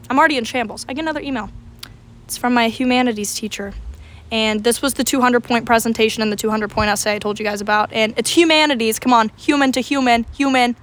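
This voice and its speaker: A woman's voice: a little high, fairly bright tone. A young adult woman vlogger telling a story to camera in a casual, dramatic way, swearing freely.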